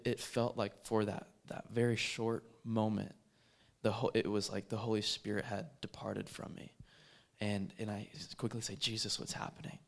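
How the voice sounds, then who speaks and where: Earnest man, low-pitched, halting testimony with fillers and restarts. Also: darkish tone. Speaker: street evangelist. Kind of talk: personal testimony.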